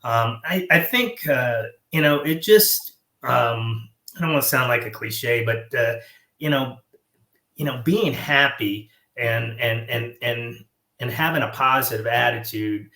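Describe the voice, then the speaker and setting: A man with a Southern American accent, a guest chatting about his years in command, talking haltingly with many fillers and restarts. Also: mid-range voice, pushed and bright. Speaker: guest, former squadron commander. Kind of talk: casual interview chat. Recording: roomy echo.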